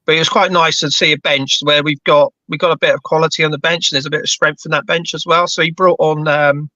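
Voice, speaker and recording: Bright-voiced man with a London-Bedfordshire accent. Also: a little high, little pitch movement, quick pace, dry recording, lo-fi sound. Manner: chatty, repeats words when starting sentences. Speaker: football fan panelist. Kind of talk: casual chat.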